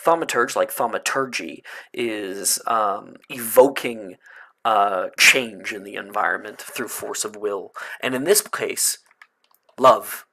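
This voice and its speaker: A man running a tabletop role-playing game, narrating and guiding players in a relaxed way with frequent hesitations. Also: lowish voice. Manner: casual, hesitant with many fillers. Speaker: game master.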